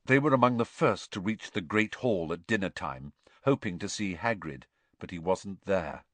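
A man narrates a storybook with expressive, scripted delivery. His voice sits low and moves in lively pitch. It is recorded close and dry. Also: normal speed, dry recording. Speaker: audiobook narrator.

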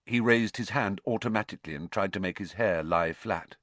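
Casting: male audiobook narrator, expressive, bone-dry studio read. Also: fairly low pitch, fairly quick, few pauses, no room sound. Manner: expressive storytelling. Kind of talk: scripted narration.

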